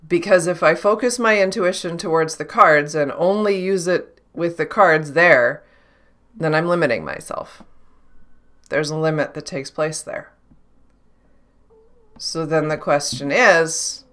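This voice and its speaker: Bright-voiced woman musing aloud. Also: lowish voice. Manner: thinks aloud, self-questioning, frequent restarts. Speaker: intuitive channeler. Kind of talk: reflective solo monologue.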